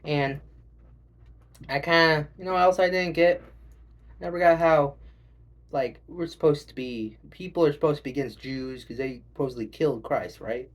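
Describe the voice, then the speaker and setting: A man doing a stand-up set, rambling and swearing and acting out quick voices. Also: fairly high pitch. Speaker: stand-up comedian.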